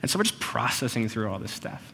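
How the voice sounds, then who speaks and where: A male pastor delivering a sermon in an earnest, personal way. His voice sits in the middle range, and he often slows right down on key phrases. The sound carries a long reverb, as in a large hall. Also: mid-range voice, very animated, creaky, bright, forceful tone, a little hiss or hum.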